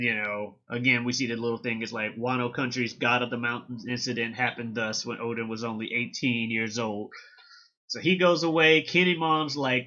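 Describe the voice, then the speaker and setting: A man casually recapping and reviewing a manga chapter, excited and slangy, swearing freely. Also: mid-range voice, dull audio.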